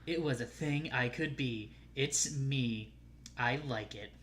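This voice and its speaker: A man co-hosting a casual live-streamed chat, sarcastic and quick to laugh, reading out comments. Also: mid-range voice, fairly bright tone, a little hiss or hum. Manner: sarcastic, laughs often, reads comments aloud. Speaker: co-host.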